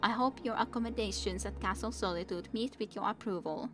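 A woman's voice: medium pitch, fairly quick, a bit bright, natural voice. A woman voicing an eleven-year-old boy king in a fantasy storybook reading, petulant but formally polite.

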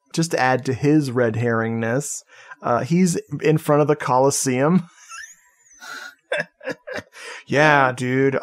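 A man co-hosting a podcast, recapping a movie plot in casual chat, jokey and profane, laughing often. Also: mid-range voice. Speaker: podcast co-host.

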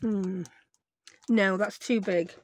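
A woman hosting a crafting tutorial, her voice croaky, chatting and thinking aloud as she works at her craft desk at home. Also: medium pitch, steady tone, slow, darkish tone, a little hiss or hum. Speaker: craft video host.

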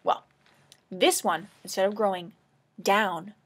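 Woman, tearful, anxious rambling, confessional vlog, casual camera-mic talk, medium pitch. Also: steady tone, takes it slowly, slightly rough. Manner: rambling, anxious and emotional, often dropping to a whisper. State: tearful, crying. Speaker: vlogger.

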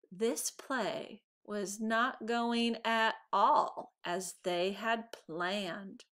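A woman teacher reading a children's picture book aloud in an expressive storytelling voice. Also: mid-range voice, drawn-out words, few pauses.

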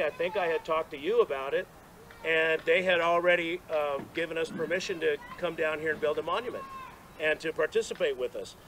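A man's voice: a little high, a bit bright, a little hiss or hum, rough recording. A man giving a rambling, self-deprecating story as a speech at an outdoor dedication, with restarts and laughs. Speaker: speaker at monument dedication. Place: outdoors at a gathering.

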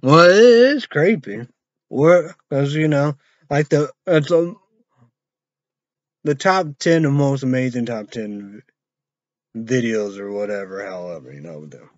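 Slow, rambling, swearing man vlogger. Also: medium pitch, animated, no room sound, lo-fi sound. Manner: rambling, profane, mumbling trail-offs. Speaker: vlogger reviewing an energy drink. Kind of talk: rambling casual vlog monologue.

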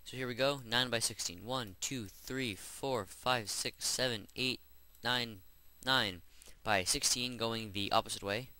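A man's voice: medium pitch, a little slow, bright, forceful tone, no room sound. A man hosting a game-building tutorial, chatting casually and rambling as he works through each step. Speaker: Minecraft tutorial host. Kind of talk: gameplay voice-over tutorial.

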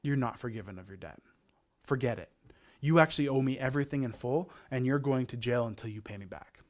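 A man's voice: mid-range voice, brisk, close to an everyday voice. A male preacher voicing a stern king who scolds a servant in a retold parable. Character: angry king demanding payment, middle-aged man.

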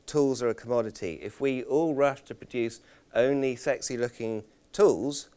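A man leading a conference workshop, talking in a halting way with repeated words and self-deprecating stories. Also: medium pitch, dark tone, clear, resonant tone. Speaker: workshop presenter. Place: conference room.

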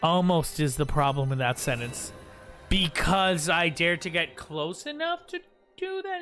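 A man streams a game live and chats to himself in a goofy, playful way. His voice sits high, and his speech is slow and unhurried while the pitch leaps around a lot. Faint music plays under him. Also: sing-song, sharp tone. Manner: goofy, talks to himself and chat. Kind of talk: live gameplay commentary.

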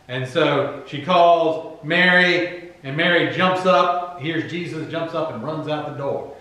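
A man's voice: on the high side, a little slow, sharp tone, very echoey, rough recording. A man preaching a sermon as pastor, in a conversational, emphatic manner, retelling scenes in his own casual words. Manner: conversational, emphatic, voicing Bible figures casually. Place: church sanctuary.

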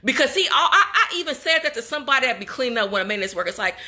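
A young woman from Chicago speaks in a casual vlog, upset and hurt as she talks straight to her viewers. Her voice sits a bit high, with a bright, forceful tone. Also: expressive, rapid-fire. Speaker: vlogger and graduate student. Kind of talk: casual emotional vlog monologue.

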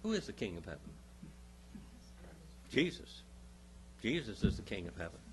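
A man's voice: on the low side, big pitch swings, normal speed, slight background noise. A male pastor teaching a Bible class, emphatic, stopping often to quiz his listeners with questions.

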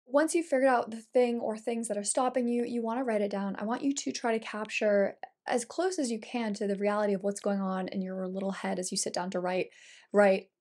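A woman giving a casual instructional vlog on writing. She is chatty and direct, talking straight to the viewer with emphatic, lively delivery. Her voice sits at an ordinary pitch. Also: fairly quick. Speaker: writing coach.

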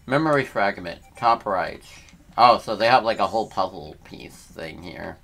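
Man, low voice, casual gameplay commentary, slangy, faint music behind. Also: a little slow, gravelly, fairly bright tone. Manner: laid-back, slangy, thinking aloud. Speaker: let's-play host.

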